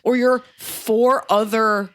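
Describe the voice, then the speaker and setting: A woman in her thirties hosting a comedy podcast, giving blunt, sarcastic advice and riffing with sudden jumps in pitch. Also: steady tone, slow, a bit bright, no echo. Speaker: podcast host. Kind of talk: casual comedic podcast chat.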